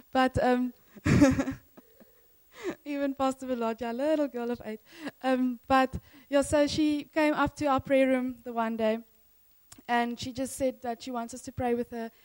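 High-voiced woman, eager rambling church testimony with frequent laughs. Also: a little mellow, low-quality recording. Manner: enthusiastic, rambling, laughs often. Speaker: church member sharing mission testimony.

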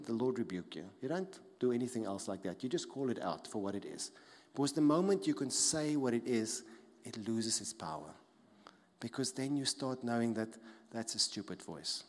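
A man preaching a church sermon, his mid-pitched voice ringing with long reverb through the hall. He repeats phrases with emphasis and lets some lines fall quiet for weight. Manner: emphatic, repeats key phrases, drops soft for stress. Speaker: pastor.

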